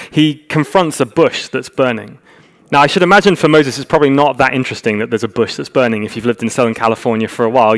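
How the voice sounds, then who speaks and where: A man's voice: mid-range voice, a bit bright. A man preaching a sermon, telling the story vividly and acting out the characters' lines.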